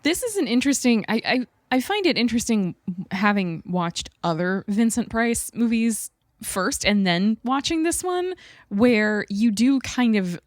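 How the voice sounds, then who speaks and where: A woman's voice: a little high, lively intonation, measured pace, no room sound, clean studio sound. A woman co-hosting a podcast, talking expressively about an old film and laughing often. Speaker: podcast co-host. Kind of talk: casual film discussion.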